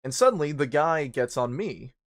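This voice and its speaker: A young man streaming a game, rambling through a personal story in casual chat, swearing freely and jumping into high squeaky bursts when he acts out panic. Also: animated, moderate pace. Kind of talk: casual storytelling while gaming.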